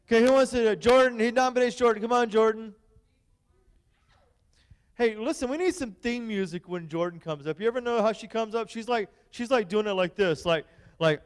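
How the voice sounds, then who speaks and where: A man's voice: high voice, animated, normal speed, long pauses, smooth. A man, a youth pastor, hosting a game night for kids in a playful, teasing, bossy way. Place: church hall. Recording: long hall reverb.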